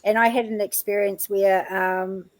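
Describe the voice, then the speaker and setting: A woman's voice: medium pitch, level tone, measured pace, poor audio. A middle-aged woman, a guest healer telling a personal story in casual chat with plenty of fillers and laughs. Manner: chatty, laughing, lots of fillers.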